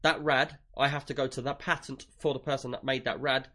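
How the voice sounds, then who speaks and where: A man's voice: medium pitch, fairly even intonation, a little fast, bright, forceful tone. A man with an English accent co-hosting a casual tech chat show, chatty and jokey, reading listener questions aloud. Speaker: podcast co-host.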